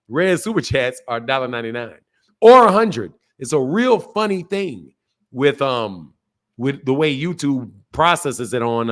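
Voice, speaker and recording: A man's voice: on the high side, fairly bright tone. A man hosting a live boxing call-in stream, talking casually in a loose, joking, slangy way and laughing often. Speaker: boxing show host.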